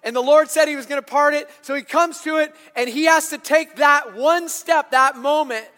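A male pastor giving an animated sermon in a church, building to loud, emphatic bursts. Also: very high voice, moderate pace, long reverb tail, faint music behind.

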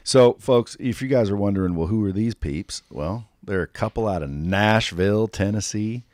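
A man's voice: fairly low pitch, normal speed, a little mellow, no echo. A man hosting a podcast in a studio, talking in brash, profane, joking banter with his guests. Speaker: podcast host. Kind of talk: casual interview banter. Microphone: studio microphone.

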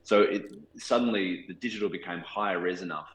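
Deep-voiced Australian man, roomy sound. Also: a little fast, slight background noise. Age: 40s. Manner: thoughtful, hesitant, many restarts and fillers. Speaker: cinematographer guest. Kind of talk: casual interview talk.

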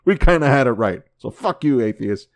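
Profane podcast host with lively swings. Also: male voice, a little fast. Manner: swings from low muttering to loud incredulous outbursts; swears constantly, repeats himself. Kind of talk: profane casual commentary.

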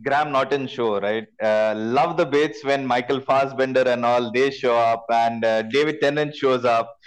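An eager man joins the podcast as a guest over a video call. His pitch sits in the middle, and he often repeats himself in bursts of enthusiasm. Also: steady tone, moderate pace, low-quality recording. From India. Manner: eager, repeats words, chuckles. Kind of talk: casual remote interview.

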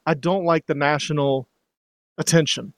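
A man's voice: a little high, fairly even intonation, moderate pace, no echo. A middle-aged man from Georgia in casual conversation as a guest, rambling with many restarts and fillers, wry. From Georgia, USA.

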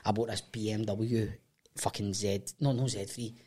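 A Scottish man co-hosting a podcast, telling a story in casual chat, excitable and swearing freely with loud laughs. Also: fairly low pitch, normal speed, slightly rough. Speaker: podcast co-host.

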